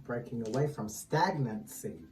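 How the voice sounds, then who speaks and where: A tarot channel host leading a reading, calm and steady, repeatedly calling on guides, angels and ancestors. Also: mid-range voice, normal speed. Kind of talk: tarot reading, casual chat. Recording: echoey distant mic with music underneath.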